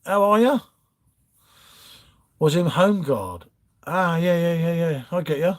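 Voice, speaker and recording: A man's voice: a little high, lively intonation, slow. A man hosting a casual live stream, reading out viewer chat and bantering like a friendly pub regular. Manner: chatty, matey banter, calls everyone mate. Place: home, pub-style setup.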